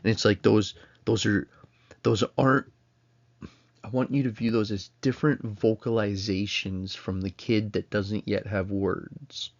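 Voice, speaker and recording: A man's voice: fairly low pitch, steady tone, unhurried, lo-fi sound. A man, giving a casual recorded college lecture at home in a rambling, self-interrupting way. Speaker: college instructor.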